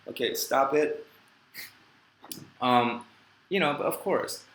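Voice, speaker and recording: A man's voice: mid-range voice, fairly even intonation, slow pace, pauses often, a bit bright, reverberant, low-quality recording. A middle-aged man hosting a live question-and-answer stream, reading viewer comments aloud and talking in a heartfelt, rambling way with self-deprecating jokes. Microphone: desk microphone.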